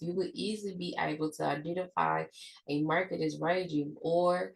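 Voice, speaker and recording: A woman's voice: lowish voice, steady tone, normal speed, vocal fry, low-quality recording. A woman with a stuffed-up nose, reading a trading lesson from her notes, with slips and restarts. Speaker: trading educator.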